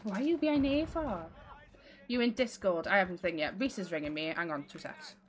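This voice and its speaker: A woman's voice: mid-range voice, a little fast, noisy background. A woman livestreaming a video game, chatting casually and giggling, calling people lovely. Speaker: gaming livestreamer.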